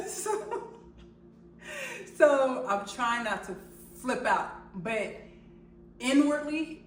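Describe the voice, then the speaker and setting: A young woman tells a personal story straight to her viewers, and she gets animated and loud as she relives moments of panic. She laughs at herself along the way. Her mid-range voice sits a little back from the mic, in a roomy, echoing space with a faint hum behind it. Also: medium pitch. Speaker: vlogger. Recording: echoey room, a bit far from the mic.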